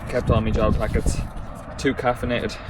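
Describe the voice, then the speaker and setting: An Irish man vlogs on the go, first from a car and then outdoors in a park. He chats casually and excitably, swears freely and keeps calling his viewers lads, and his delivery stays fairly level. Loud noise from cars and traffic runs under his voice throughout. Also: medium pitch, moderate pace. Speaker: running vlogger. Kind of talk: casual vlog chat to camera.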